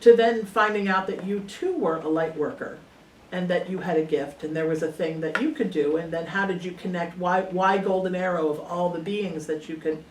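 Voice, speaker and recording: Female talk host, mid-pitched voice, echoey and distant, faint hiss. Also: moderate pace, darkish tone. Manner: laughs often, asks searching questions. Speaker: radio talk show host. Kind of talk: interview questions. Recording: roomy, distant radio studio sound with faint noise.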